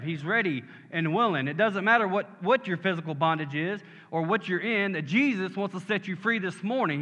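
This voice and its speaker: A man's voice: on the high side, pushed and bright. A man preaching a sermon as pastor. He builds to emphatic peaks and keeps asking his congregation "Amen?". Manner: rising to emphatic call-and-response, asking "Amen?". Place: church sanctuary. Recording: muffled sound with long hall reverb.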